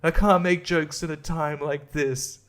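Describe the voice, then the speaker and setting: A man's voice: on the high side, steady tone, a bit bright. Smug preachy stand-up comedian, drawn out and holier-than-thou, as a man mocks him. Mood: mocking. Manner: slow, mocking, self-righteous sighs.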